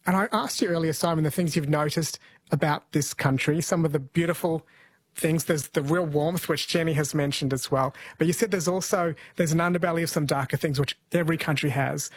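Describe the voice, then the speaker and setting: A man hosting a conversational interview, speaking in a calm, reflective way. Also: fairly high pitch, brisk, husky, no echo. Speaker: host.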